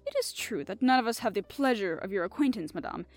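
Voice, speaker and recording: A woman reading aloud, voicing a fussy, polite middle-aged male detective who speaks with courteous, soft reproof. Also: mid-range voice, animated, fast, soft background music, lightly acted. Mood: genteel.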